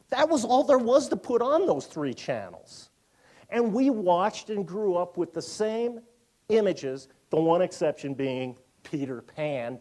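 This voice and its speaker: A man in his fifties giving a public lecture in a museum auditorium, animated and full of joking asides. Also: high-pitched. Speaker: university lecturer.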